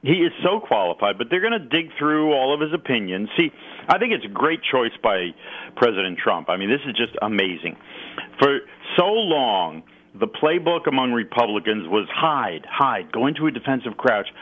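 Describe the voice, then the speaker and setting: Male radio guest on a phone line, lively and sarcastic, plenty of pitch swing. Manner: emphatic, sarcastic, mocks opponents. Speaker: political commentator, guest. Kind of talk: talk radio commentary.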